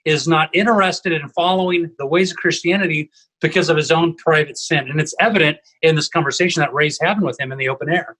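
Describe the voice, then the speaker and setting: A man with a high, bright voice and a husky edge, talking on a home video call. He co-hosts a relaxed panel discussion and makes his points through anecdotes, often asking "right?" to pull his listeners along. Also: quick pace, poor audio. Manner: storytelling, tags lines with "right?". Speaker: co-host, evangelism trainer.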